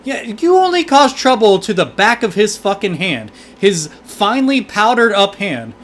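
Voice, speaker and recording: A man giving profane, excitable, joking commentary while livestreaming a game. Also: sits high, moderate pace. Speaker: streamer playing a game.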